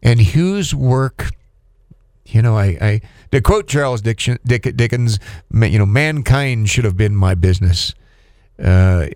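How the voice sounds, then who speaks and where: Middle-aged man, low voice, halting emotional speech, dry close mic, casual podcast chat. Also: darkish tone, dry recording. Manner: halting, emotional, many restarts. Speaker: podcast co-host.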